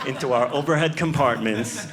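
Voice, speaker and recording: A man's voice: mid-range voice, fairly quick, crowd noise, close to an everyday voice. A man playing a condescending male airline gate agent with a sneering, mock-formal announcement manner. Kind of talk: stand-up bit. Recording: live comedy club, audience laughter and noise.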